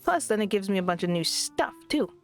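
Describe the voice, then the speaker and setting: A woman playing a video game and talking her way through it in an easy, mid-pitched voice. She grumbles about lag and pokes fun at herself. Faint game music sits under her desk-mic recording. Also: lively intonation, fairly quick. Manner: chatty, complaining about lag, self-deprecating. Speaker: let's play gamer. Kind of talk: casual game commentary. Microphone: desk microphone at a computer.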